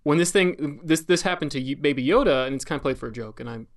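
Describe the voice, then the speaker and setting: A man's voice: fairly high pitch, fast talker. Man explaining in wry casual chat. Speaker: podcast co-host.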